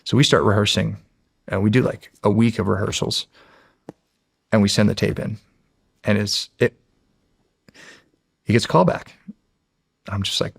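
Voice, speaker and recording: A man's voice: fairly low pitch, normal speed, creaky, long pauses, slightly rough, no echo, clean studio sound. An American man in his forties, a podcast guest telling a story in a casual way, acting out what people said and swearing freely. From United States. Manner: animated storyteller who acts out quotes and swears freely.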